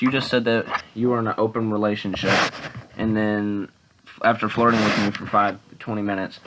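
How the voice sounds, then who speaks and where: A man's voice: fairly low pitch, very noisy. A young man rambling through a casual storytime vlog, restarting often and quoting himself with "and I'm like". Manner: rambling, repeats words and restarts, many "and I'm like". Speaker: vlogger.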